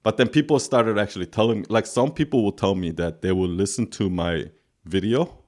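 Man, low voice, calm and soothing, rambling casual podcast talk, lots of fillers. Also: normal speed. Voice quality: calm voice that listeners find soothing. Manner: rambling, with many filler words. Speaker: podcast co-host. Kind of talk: casual chat.

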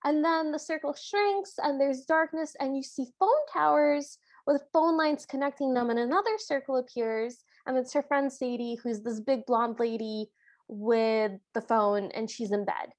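A woman with a high, bright voice co-hosts a podcast, recapping an old cartoon in an amused and expressive way. The sound is dry and close, with no room behind it. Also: normal speed, dry recording. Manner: amused, expressive, laughs easily. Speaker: podcast co-host. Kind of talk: casual chat reviewing a cartoon.

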